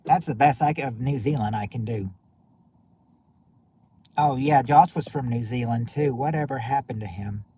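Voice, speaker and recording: A man of middling pitch hosting a relaxed game-night stream. He talks loosely to his viewers, trailing off and circling back mid-sentence. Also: moderate pace, long pauses, slight background noise. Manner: rambling, many restarts and fillers. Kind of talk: casual chat with viewers.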